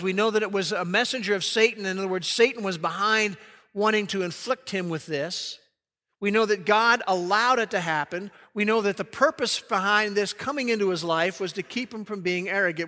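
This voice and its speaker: A man preaching a sermon in an earnest way, sinking to a soft hush on key phrases. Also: high voice. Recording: long hall reverb.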